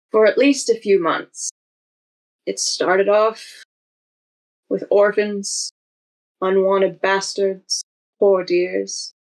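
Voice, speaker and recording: Tough tavern lady, gruff and too aggressive, slow talker, a woman game master doing her. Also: mid-range voice, darkish tone, low-quality recording.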